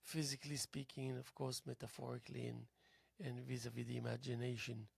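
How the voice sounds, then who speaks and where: A tired man hosting a local TV show, musing aloud in a halting philosophical monologue that drifts into soft whispers. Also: mid-range voice, flat delivery, vocal fry, husky, no echo. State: tired, yawning. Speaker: host. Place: local cable TV studio.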